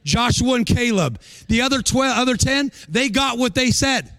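A middle-aged man preaching a guest sermon with energy, in a sing-song cadence and shouted peaks. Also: very high-pitched, lively intonation, normal speed, no room sound.

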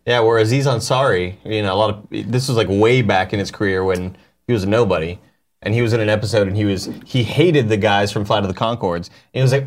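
A man's voice: fairly low pitch, quick pace. A man co-hosting a casual comedy talk show, joking and laughing easily. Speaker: co-host.

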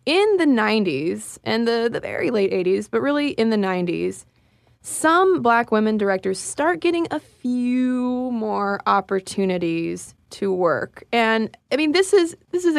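A woman's voice: mid-range voice, gravelly, no echo. A woman co-hosting a podcast, talking casually and laughing now and then as she talks. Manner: chatty, laughs while talking. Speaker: podcast co-host.

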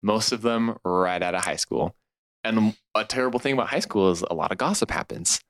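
Young californian man, podcast guest, lively storyteller who acts out other people's lines, lowish voice, dry close sound. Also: fairly quick, no room sound. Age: 20s. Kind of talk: personal storytelling in conversation.

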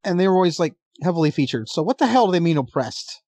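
A man co-hosting a casual podcast, chatting wryly about wrestling with quick asides. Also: a little high, sing-song, darkish tone, no echo. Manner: wry, chatty, easily laughing asides. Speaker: podcast co-host. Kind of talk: casual chat.

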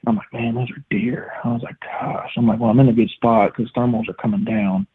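A man, a guest telling a long story in casual, animated talk and quoting his own thoughts. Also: medium pitch, fairly quick, a little hiss or hum. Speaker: podcast guest, listener. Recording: tinny phone line.

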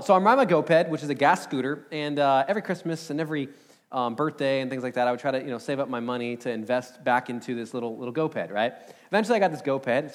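A man in his thirties preaching a sermon, telling a personal story in a casual, energetic way with lots of fillers. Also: mid-range voice. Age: 30s. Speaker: pastor. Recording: long hall reverb.

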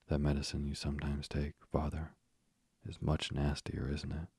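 Eager storybook girl, voiced by a male reader, deep gravelly tone. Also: monotone, normal speed, darkish tone, no room sound, studio quality, heavily acted. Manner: earnest and keen to please. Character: eager helpful young girl.

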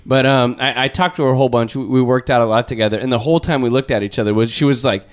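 A man co-hosting a podcast, an animated storyteller in casual chat who swears freely and restarts his sentences. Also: mid-range voice, rapid-fire, smooth. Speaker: podcast co-host telling a story.

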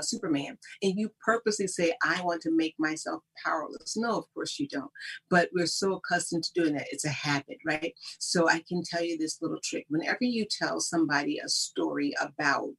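A woman's voice: lowish voice, breathy edge. A woman guest giving emphatic, preachy motivational talk in conversation, often laughing. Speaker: guest speaker on personal growth.

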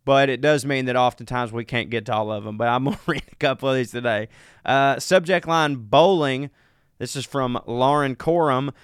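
A man's voice: mid-range voice, normal speed, clear, resonant tone, dry recording, clean studio sound. A man with a Southern US accent, co-hosting a comedy podcast in a casual, joking, folksy way as he reads listener emails aloud. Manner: joking, folksy, self-mocking.

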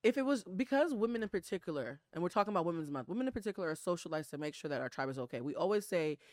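A woman's voice: low-pitched, expressive, racing, no echo, studio quality. A woman in her thirties hosting a podcast, talking openly and with feeling and swearing casually. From Washington, D.C. area. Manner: open and emotional, swearing freely. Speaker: podcast host. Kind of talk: candid conversational podcast.

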